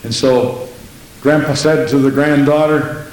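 In a steady, unhurried, somewhat dark voice, a man preaches a sermon built around stories, speaking emphatically with large shifts in pitch. He keeps repeating "Praise the Lord," and the recording has strong room echo and faint hiss.

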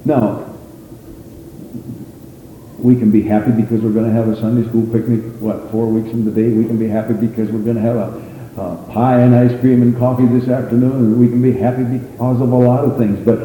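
A man preaching a sermon as pastor, fervent, rising to high exclamations and calling for amens. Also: level tone, brisk, dark tone, slight background noise. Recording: echoey church hall with long reverb.

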